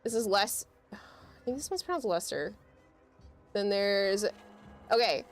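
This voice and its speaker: A woman's voice: medium pitch, expressive, unhurried, soft background music. A woman, chatting casually on a livestream and explaining with amused laughs.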